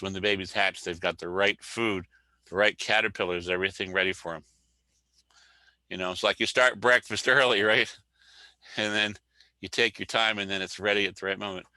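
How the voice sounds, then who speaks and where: A man with a very low, bright voice gives an informal talk over a video call. He explains things in a relaxed way, pausing to gather his thoughts. The sound is dry and close. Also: no room sound, poor audio. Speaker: speaker and author. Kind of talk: informal lecture.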